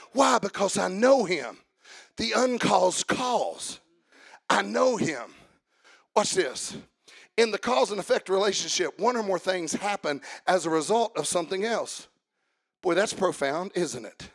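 A male preacher delivering a sermon in a church, swinging from quiet talk to shouted, sing-song preaching. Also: sits high, creaky, husky. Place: church sanctuary.

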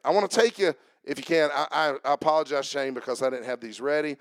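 A man preaching a sermon in church, reading scripture slowly and talking to the congregation in a folksy way, with frequent "um"s and calls of "amen?". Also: a little high, no echo. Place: church sanctuary.

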